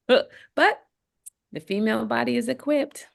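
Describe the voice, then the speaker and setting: A woman's voice: slow, vocal fry. A middle-aged woman co-hosting a podcast, telling a personal story in casual chat and acting out the voices she quotes. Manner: animated, acts out quoted voices with big pitch jumps. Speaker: podcast co-host.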